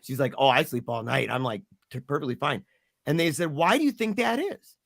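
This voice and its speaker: A man's voice: mid-range voice, fairly quick, creaky, dry recording, clean studio sound. A middle-aged man, a podcast guest, telling an emotional story and acting out the people in it. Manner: animated, acts out quoted voices.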